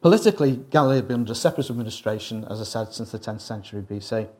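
A Liverpool man with a Scouse accent preaches a sermon in a joking, conversational way, full of asides. He speaks in a lowish, expressive, slightly mellow voice at a rapid-fire pace.

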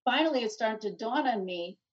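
A middle-aged woman telling her story in an interview, animated and rambling, full of restarts and "you know.". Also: a little high, brisk, husky. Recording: distant dull lo-fi mic.

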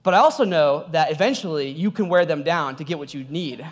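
A young adult man, a pastor, preaching a sermon in a conversational, animated way, telling a personal story with laughs. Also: fairly high pitch, fairly quick.

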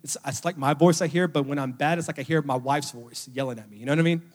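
A young adult man preaching a sermon, telling a personal story with emotion, his voice dropping to a hush and then rising loud. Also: on the high side, fast. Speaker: pastor. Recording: long hall reverb with faint music. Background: faint music.

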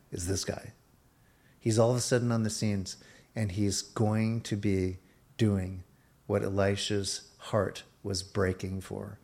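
A man with a fairly low voice delivers a sermon as pastor. He preaches emphatically, pressing points home to his listeners, speeding up and slowing down as he goes. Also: creaky, a little mellow. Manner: emphatic preaching with shifting pace, urging listeners.

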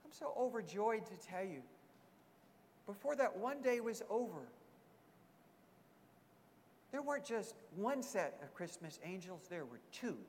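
A man's voice: high voice, big pitch swings, unhurried, long pauses, darkish tone, slight background noise. A man preaching a sermon as a pastor, earnest, repeating emphatic phrases. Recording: long hall reverb.

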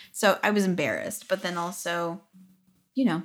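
A woman with a lower voice chatting on a podcast. She is upbeat and laughs easily as she runs through her list of questions. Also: normal speed. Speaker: podcast co-host. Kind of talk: casual chat.

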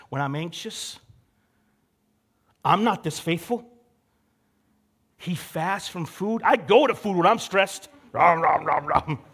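A man's voice: high voice, fairly bright tone. A young man preaching a casual, conversational sermon, acting out the characters he quotes. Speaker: pastor.

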